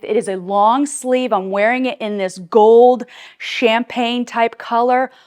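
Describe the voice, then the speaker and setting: A woman's voice: mid-range voice, darkish tone. A middle-aged woman chatting casually in a clothing try-on video, bubbly and gushing, laughing often, on a clip-on mic indoors. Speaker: fashion vlogger. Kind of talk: casual try-on haul chat.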